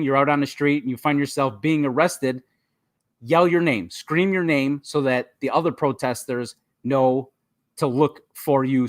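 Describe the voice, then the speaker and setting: A man of middle pitch co-hosts a casual history podcast, talking in a loose, chatty way, full of ums and laughs. His voice is close and dry, with no room sound. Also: dry recording. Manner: relaxed, laughs often, many ums and restarts. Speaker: podcast co-host.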